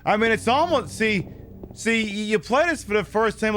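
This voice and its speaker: A man's voice: high-pitched, animated, normal speed, a bit bright, slight background noise. A man streaming a video game, giving casual, rambling commentary full of sarcastic jokes and swearing.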